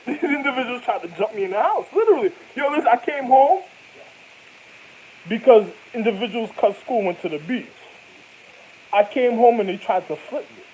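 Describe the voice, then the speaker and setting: Man, casual vlog storytelling, lively swinging pitch, laughs a lot, street slang. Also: moderate pace, a little hiss or hum, poor audio. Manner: animated, laughs often while telling stories; loose, rambling street slang. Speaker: vlogger.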